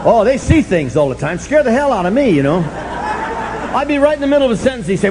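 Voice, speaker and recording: An older man speaking at a recovery meeting, telling his story in an animated, self-mocking way and breaking into shouts for emphasis. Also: extremely high pitch, quick pace, crowd noise, background noise.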